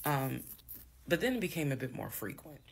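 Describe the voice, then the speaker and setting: A woman with hiccups calmly telling the story of her marriage in a measured, steady way, with pauses and fillers. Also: very deep voice, vocal fry, slight background noise. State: has the hiccups. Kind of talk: storytelling monologue.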